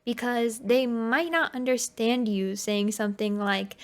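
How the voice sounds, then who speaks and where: A woman's voice: on the high side, fairly even intonation, unhurried. A woman hosting a commentary video, talking casually and bluntly, swearing and laughing as she explains.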